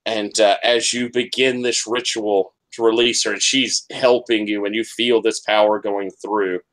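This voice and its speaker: A man acts as game master, narrating a tabletop game in a halting way with many fillers and restarts. His voice sits on the low side, with fairly even intonation and a sharp tone.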